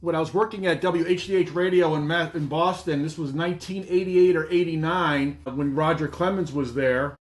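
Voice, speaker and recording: Male podcast guest, fairly high voice, easygoing, recalls old stories with a few hesitations. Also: steady tone, moderate pace, few pauses. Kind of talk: casual conversation.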